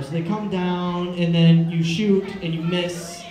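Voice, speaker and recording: Young male stand-up, loose and excitable, high-pitched, echoey room with a crowd. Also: normal speed. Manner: rambling, excitable, loose and casual. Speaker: stand-up comedian. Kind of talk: stand-up comedy set.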